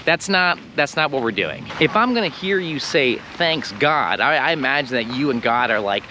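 Lively, bright-voiced American man teaching. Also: mid-range voice, a little fast, a little hiss or hum. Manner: playful, explains by acting out little scenes. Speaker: English teacher. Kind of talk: casual video lesson.

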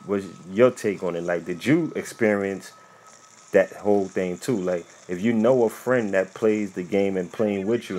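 A man's voice: low voice, darkish tone. A man giving loose, rambling, casual commentary over gameplay for his channel. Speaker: gaming YouTuber.

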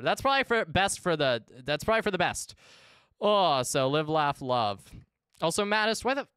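A man's voice: a little high, bright, forceful tone, smooth, no echo, studio quality. A man live-streaming a game, chatting casually with his chat in a rambling, profane way.

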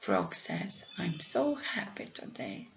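A woman's voice: lowish voice, huge pitch swings, takes it slowly, gravelly. A woman teaching an English lesson, giving patient step-by-step instructions. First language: Croatian. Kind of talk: recorded lesson narration. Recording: dull lo-fi recording, faint room hum.

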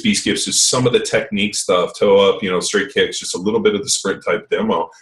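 A deep-voiced man talks loosely on a podcast, rambling through fillers and dropping curse words as he goes. His voice sits a little back from the microphone, so it sounds slightly distant. The pace stays easygoing and conversational. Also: steady tone, quick pace, few pauses, echoey room. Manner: rambling and profane, lots of fillers. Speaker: podcast host. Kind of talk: casual podcast chat.

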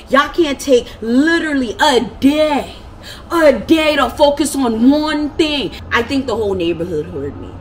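A woman's voice: medium pitch, expressive, fairly quick, a little hiss or hum. A woman vlogging a story from home, ranting in a heated, profane way. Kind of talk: storytime vlog. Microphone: camera.

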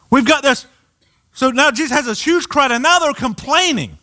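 A man preaching a sermon in a church, animated and acting out the voices of people in the story. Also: extremely high pitch, moderate pace. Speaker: pastor. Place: church sanctuary.

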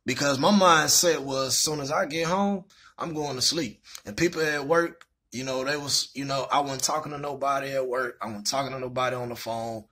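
Husky-voiced young man telling a story. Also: medium pitch, fairly even intonation, fairly quick, few pauses, pushed and bright. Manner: candid and rambling, frequent fillers. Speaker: vlogger. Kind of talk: personal storytelling.

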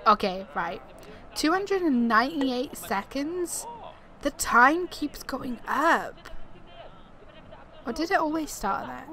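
Chatty woman gamer, slow and a bit high. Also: animated, sharp tone. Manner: chatty, self-narrating, laughs often. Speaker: gaming YouTuber. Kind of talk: let's play commentary. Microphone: desktop USB mic.

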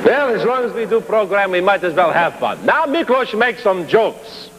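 A man's voice: high voice, sing-song, moderate pace, background noise. A man doing a sweaty Hungarian kids' show host. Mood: jolly. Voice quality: broken English, muttering asides. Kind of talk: 1950s live TV sketch comedy.

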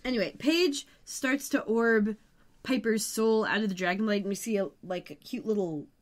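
A woman's voice: medium pitch, normal speed. A woman co-hosting a podcast, recapping a TV episode with playful, joking banter. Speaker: podcast co-host. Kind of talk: casual recap chat.

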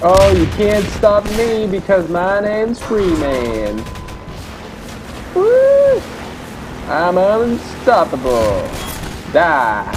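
A young man talks over a video game in a slow, drawn-out way, his pitch swinging widely as he boasts and whoops. His goofy let's play commentary sits over clear game sounds and engine noise. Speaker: gamer.

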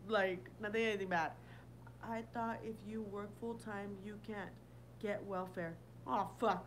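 A woman hosts a casual livestream, answering viewer comments bluntly with lots of swearing and frequent laughter. Her voice is mid-range, and the rough recording carries a little hiss or hum.

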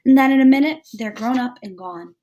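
A woman reading aloud voices a warm, caring middle-aged mother who talks gently and dotes on a baby. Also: high-pitched, fairly quick, dull audio, pitched above the performer's own voice, natural voice. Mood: tender. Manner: gentle, doting, sings a nursery rhyme. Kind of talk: read-aloud storybook dialogue.

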